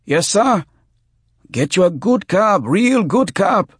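A man voicing a jittery, fawning male street tout with a croaking voice in an audiobook. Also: high-pitched, big pitch swings, slow pace, dry recording, studio quality, voice pushed up, exaggerated voice. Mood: nervous.

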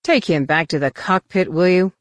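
A woman reading an audiobook plays a cocky male starship captain who bellows and grumbles. The voice comes out loud and blunt. It is recorded close and dry. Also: lowish voice, moderate pace, no room sound, natural voice. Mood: gruff. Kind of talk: audiobook character voice.

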